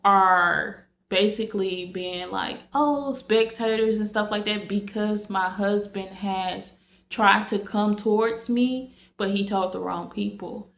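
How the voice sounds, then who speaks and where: A woman talks slowly and casually to her viewers, circling back with fillers and restarts. Her voice is gravelly and flat in pitch. The room around her is echoey. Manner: rambling, many fillers and restarts. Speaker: vlogger. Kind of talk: casual late-night talk to camera.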